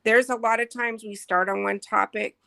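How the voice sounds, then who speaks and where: A woman on a casual panel call speaks calmly and offers an idea to the group. Her voice has a gravelly fry. The sound is dry and close. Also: fairly high pitch, moderate pace, dry recording. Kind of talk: casual chat on a video call.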